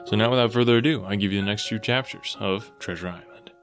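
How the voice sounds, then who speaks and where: A man's voice: fairly low pitch, fast talker, faint music behind. Man narrating an audiobook.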